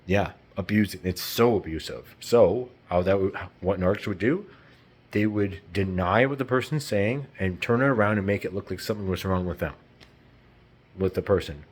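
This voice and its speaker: A man's voice: sits low, normal speed, slightly rough. A man talking in a rambling, heated, profane unscripted monologue.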